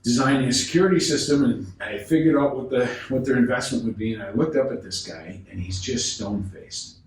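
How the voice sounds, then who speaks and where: A male sales expert tells a long anecdote as a podcast guest. He is lively and acts out both sides of the conversation, circling back to restart his sentences. He sits well back from the mic in a very echoey room with faint background noise. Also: mid-range voice, fairly quick, recorded from a distance. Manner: acts out dialogue, frequent restarts. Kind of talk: animated storytelling.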